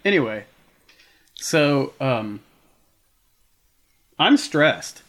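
A man's voice: medium pitch, big pitch swings, drawn-out words, a bit bright. A man in his thirties telling a heated story in casual chat, swearing often.

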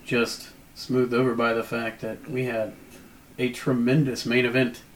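A man's voice: medium pitch, flat delivery, a little slow, a little hiss or hum. A young man co-hosting a casual wrestling show, talking over old match footage and often repeating his words. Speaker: wrestling promotion co-host.

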